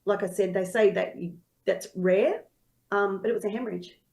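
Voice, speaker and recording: A woman's voice: mid-range voice, steady tone, normal speed, vocal fry, a little mellow, rough recording. A woman who is a singer and singing teacher, telling her story in a casual interview and acting out her own past thoughts.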